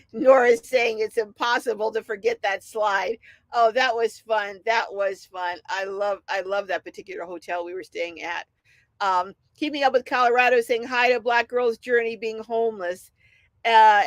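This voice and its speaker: A woman's voice: fairly high pitch, moderate pace, no room sound. A middle-aged woman hosting a casual livestream, chatting and laughing as she reads out viewer comments. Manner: chatty, animated, laughs often. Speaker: livestream host reading chat.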